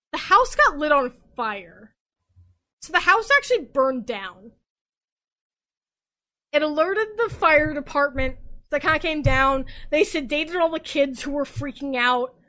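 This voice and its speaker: A young woman podcast host, drunk, rambling excitably and swearing as she recaps a story in casual chat. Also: sits high, measured pace.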